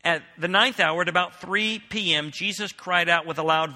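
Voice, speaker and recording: A male pastor preaches a sermon, reading scripture aloud and then explaining it with emphasis. His voice is very bright and a little higher than most men's. It rings out with the long reverb of a large hall. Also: moderate pace, few pauses.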